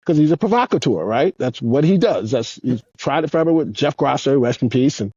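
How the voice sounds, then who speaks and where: A man in his fifties tells rambling, foul-mouthed stories, his voice jumping up and down with animated energy. His tone is husky and mellow. The dry sound is slightly dull and lo-fi. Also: medium pitch, a little fast, dry recording. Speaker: guest, former pro skateboarder. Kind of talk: casual storytelling.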